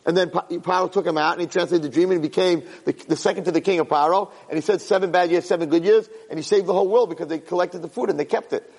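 A man giving an animated Torah class. He repeats phrases for emphasis and mixes Hebrew terms into his English. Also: high voice, quick pace, gravelly, husky, big-room sound, low-quality recording. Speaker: Torah teacher. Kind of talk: Torah class on the weekly portion.

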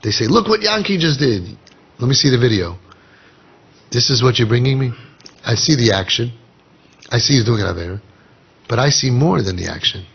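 Male rabbi, lively lecturer, raspy tone, dull low-fi recording. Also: brisk. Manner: animated, acts out inner voices and dialogue; mixes Hebrew and Yiddish phrases into English. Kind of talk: Torah lecture. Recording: dull lo-fi podcast audio.

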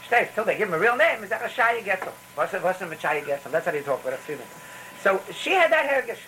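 A man's voice: high voice, big pitch swings, fast, pushed and bright, slight background noise, rough recording. A man with giving a rambling, storytelling Torah talk, full of restarts and phrases. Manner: rambling, repetitive restarts, mixes in Yiddish phrases.

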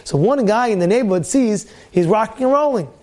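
A man giving a weekly Torah talk as a rabbi, animated, firing rhetorical questions and repeating his phrases. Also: high voice, brisk.

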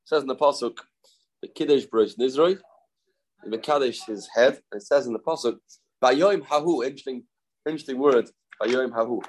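A man's voice: mid-range voice, normal speed, breathy edge, rough recording. A man teaching a daily Talmud lesson, mixing English with Hebrew and Aramaic terms, often repeating phrases and asking himself questions.

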